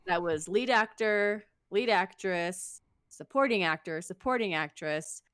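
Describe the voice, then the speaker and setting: A woman co-hosting a podcast in casual chat, talkative and quick to laugh at her own slips. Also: medium pitch, fairly bright tone, smooth, no echo. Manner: chatty, laughs at herself, quick restarts. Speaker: podcast co-host.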